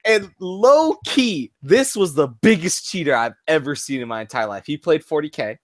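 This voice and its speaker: Animated male storyteller, dry sound. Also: fairly high pitch, a little fast, dry recording. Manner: animated storyteller who keeps adding "right?". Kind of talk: casual chat.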